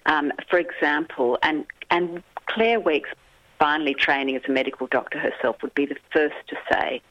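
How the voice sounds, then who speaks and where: A woman author, a guest on a radio interview, telling a story in an animated way and acting out the people she quotes. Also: sits low, moderate pace, no echo. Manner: animated storyteller who acts out quoted dialogue. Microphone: telephone. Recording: muffled phone line.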